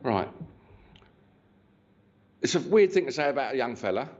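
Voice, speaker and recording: Joking cheekily with the congregation, a spiritualist medium leads a live demonstration in a church hall, chatty and prone to restarts. His medium-pitched, darkish voice has a sing-song quality and moderate pace, heard through a dull, lo-fi recording.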